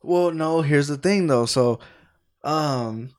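Podcast co-host, male, unhurried delivery, profane and giggly casual chat. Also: a little high. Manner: profane, laughing, storytelling.

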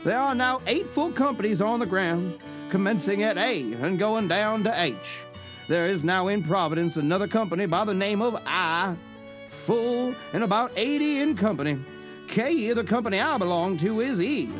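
A man voicing a crude Civil War soldier's letter home, read slowly in a hammy, mock-formal put-on Southern accent. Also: sits high, expressive, soft background music.

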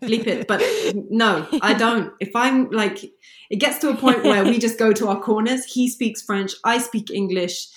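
A woman in her thirties, a podcast guest, speaking in casual mixed English and French, conversational and lively when she jokes. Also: on the high side, moderate pace, reverberant. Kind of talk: casual bilingual chat.

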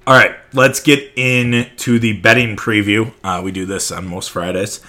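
A man's voice: fairly low pitch, fairly even intonation, normal speed, sharp tone. A man hosting a sports podcast, giving emphatic, opinionated commentary and swearing freely.

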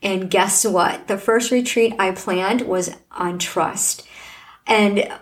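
In a slow, mid-range voice, a middle-aged woman on her own podcast recounts her faith testimony. She comes across as sincere and heartfelt, preaching as she tells it.

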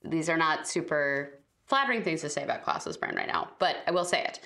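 A woman's voice: deep voice, animated, fairly quick, bright, forceful tone. A woman player chatting at a tabletop game and explaining her dice results. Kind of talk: casual game table chat. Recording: echoey room.

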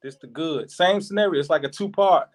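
High-voiced man telling a story. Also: a little fast. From Chicago. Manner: animated, slangy, repeats words while telling a story. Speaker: podcast guest. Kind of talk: casual storytelling.

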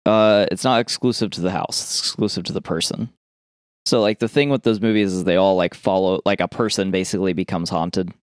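A man's voice: low voice, steady tone, a little fast, smooth, no room sound, studio quality. A man co-hosting a casual movie podcast, chatty and rambling, swearing casually. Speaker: podcast co-host. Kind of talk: casual movie review chat.

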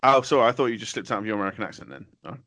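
A man's voice: on the low side, rapid-fire, pushed and bright. A man co-hosting a comedy podcast, teasing and rambling as he talks. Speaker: podcast co-host.

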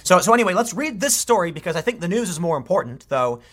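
A man's voice: sits high, very animated, fast talker. A man giving an opinionated commentary monologue, emphatic and often restarting his sentences. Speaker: political commentator.

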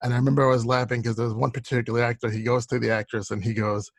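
A man's voice: mid-range voice, little pitch movement, racing, gravelly, no echo. A male host in a casual interview, who laughs easily and tells his own story in a loose, rambling way. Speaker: podcast host.

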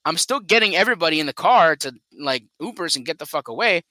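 Fast-talking bright-voiced man. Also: fairly high pitch, no echo. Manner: fast, animated, swears a lot. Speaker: friend telling a story. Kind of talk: casual storytelling among friends.

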